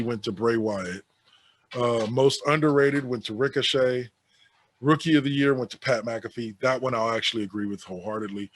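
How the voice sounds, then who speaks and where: A man co-hosting a casual podcast, reading through an awards list with sarcastic asides. His voice sits at an ordinary middle pitch. It sounds dry and close, with no room echo. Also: fairly bright tone. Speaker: podcast co-host.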